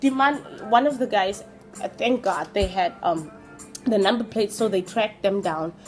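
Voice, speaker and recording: A young Namibian woman with a Namibian accent, telling a storytime vlog in a casual, animated way and acting out what people said. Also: medium pitch, normal speed, soft background music. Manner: animated, switches between English and Afrikaans, acts out quotes. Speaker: vlogger.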